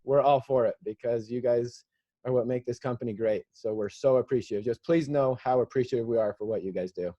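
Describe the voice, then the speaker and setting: A middle-aged man tells stories in a folksy, self-deprecating way as he gives a motivational talk. His voice sits at a middling pitch. It comes through the dull, lo-fi sound of a video call. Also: brisk, mellow, dry recording. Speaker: guest speaker.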